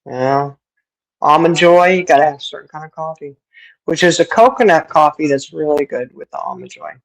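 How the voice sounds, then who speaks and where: A middle-aged woman hosts a livestream on a streaming setup, chatting casually with viewers and laughing often as she answers them. Her voice sits low and creaky, she talks fairly quickly, and the audio is poor.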